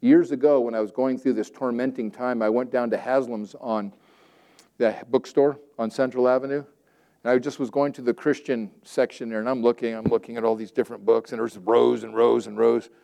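A male pastor preaching a sermon, swinging between loud emphatic declarations and quiet, conversational asides. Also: medium pitch, flat delivery, fairly quick, vocal fry.

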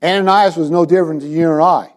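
A fast-talking man with a steady, highish voice preaches a sermon in church. He brings scripture to life with quoted voices and puts direct questions to the congregation.

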